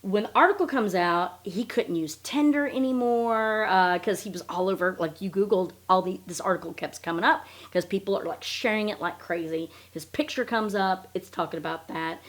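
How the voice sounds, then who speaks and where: A woman's voice: mid-range voice, moderate pace, few pauses. A woman hosting a podcast, recapping in a blunt, profane, sarcastic casual chat. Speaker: podcast host.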